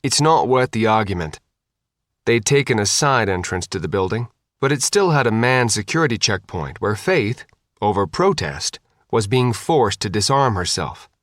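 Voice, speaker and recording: A man narrating an audiobook with an animated, wry delivery. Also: fairly low pitch, normal speed, dry recording, clean studio sound. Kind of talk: scripted narration.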